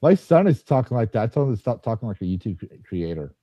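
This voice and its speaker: A podcast host chats casually, rambling and joking, often stopping to restart his sentences. His lowish voice is sing-song, fast, and warm, with no echo, on a slightly dull, dry recording.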